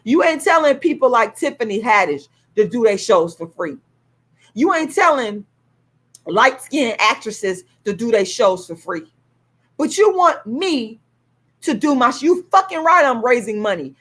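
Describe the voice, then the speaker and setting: A woman talks on her livestream in a heated, indignant way, swearing freely and circling back to the same points. Her voice sits a little high for a woman. She sounds like she is speaking into a computer mic. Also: big pitch swings, normal speed, fairly bright tone. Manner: heated, indignant, profane, repeats herself. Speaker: YouTube live streamer promoting her own play. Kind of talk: angry livestream rant, then ticket promotion.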